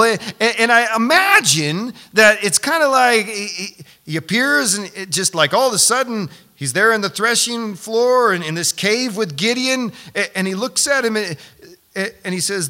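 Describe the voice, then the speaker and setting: A man preaching a sermon as pastor, animated and building to loud, emphatic peaks. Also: high-pitched, moderate pace. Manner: repeats himself when excited.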